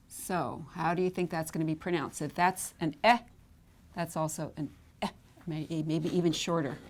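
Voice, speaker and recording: A woman's voice: on the low side, slight background noise. A woman teaching Hebrew vowels at a board, patiently repeating each sound and checking in with "okay?". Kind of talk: whiteboard lesson.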